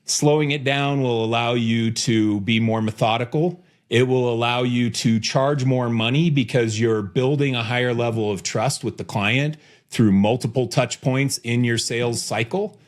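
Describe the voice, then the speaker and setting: A man hosting a podcast, talking casually and with energy, joking around and speeding up when he gets excited. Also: medium pitch, normal speed. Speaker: podcast host.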